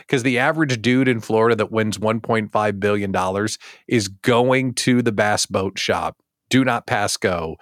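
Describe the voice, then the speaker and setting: A man hosting a daily live show for small business owners, talking in a jokey, animated way with self-deprecating asides. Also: mid-range voice, no room sound, clean studio sound. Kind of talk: casual live-show monologue.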